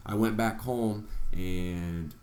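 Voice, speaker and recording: A man's voice: fairly low pitch, takes it slowly, a little mellow, echoey room. A man vlogger earnestly telling a personal story, acting out his own reactions along the way. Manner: earnest, retelling events with quoted reactions.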